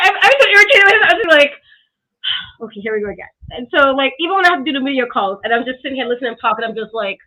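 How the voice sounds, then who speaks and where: A woman's voice: high-pitched, bright, forceful tone. A woman reviewing wrestling in casual chat, ranting with sarcastic asides. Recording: tinny phone-like call audio.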